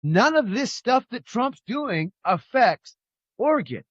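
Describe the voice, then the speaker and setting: This podcast co-host from California has a very high voice that swings widely in pitch, and he speaks slowly with a fairly bright tone. Chatting loosely about politics and spinning stories, he rambles, repeats himself, and throws out emphatic rhetorical questions. There's no echo, but the sound is dull.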